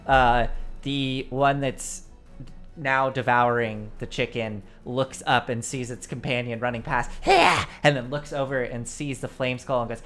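Slow, giggly woman game master. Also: extremely low pitch, fairly even intonation, soft background music. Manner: giggly, rambling with fillers. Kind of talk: narrating a tabletop game on stream. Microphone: desk mic.

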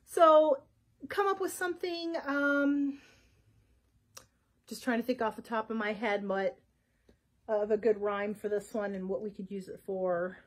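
A woman, a children's librarian, talking to young listeners in an animated, expressive storytime manner. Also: fairly high pitch, a little slow, long pauses. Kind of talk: storytime read-aloud.

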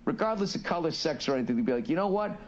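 A man's voice: a little high, animated, rapid-fire, muffled recording, slight background noise. A man, a comedian, ranting in a loose podcast style, swearing constantly and restarting his sentences. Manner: profane, rambling, restarts often. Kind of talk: rambling podcast rant.

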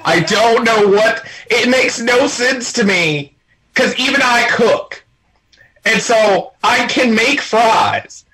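A man's voice: extremely high pitch, slow, bright, forceful tone, rough recording. A man co-hosting a podcast, ranting animatedly and swearing a lot in crude comedic banter. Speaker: podcast co-host.

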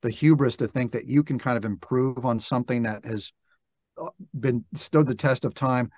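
An older man talking as a podcast guest, thoughtful and unhurried, with frequent restarts. He acts out little bits of dialogue as he tells his stories. The sound is close and dry, with no room around it. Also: mid-range voice, darkish tone, no echo. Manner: reflective, halting with restarts, acts out quoted dialogue. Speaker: interview guest, narrator and actor. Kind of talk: relaxed storytelling interview talk. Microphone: podcast microphone.

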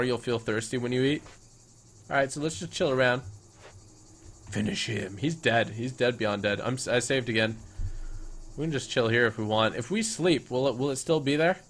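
A young gaming YouTuber delivers playful, hammy let's-play commentary in an ordinary mid-pitched voice at a moderate pace with long pauses. He jokes with the on-screen creatures in mock-grand lines and now and then bursts into loud, excited shouts.

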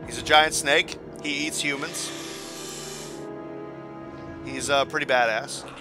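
A man's voice: medium pitch, fairly even intonation, slow pace. A young man giving casual let's-play commentary, rambling and repeating himself as he thinks aloud. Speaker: gaming video host. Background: game music.

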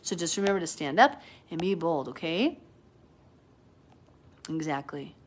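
A woman's voice: animated, a little slow. Earnest chatty woman teaching the Bible live. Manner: earnest and chatty, reads out viewer comments; acts out quoted people with big jumps in pitch.

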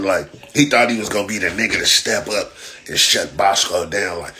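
A man's voice: low-pitched, a little fast, pushed and bright, a little hiss or hum. A man, a boxer on a livestream, ranting in profane trash talk full of repeated slang fillers. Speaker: boxer livestreaming after a fight. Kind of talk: casual livestream rant.

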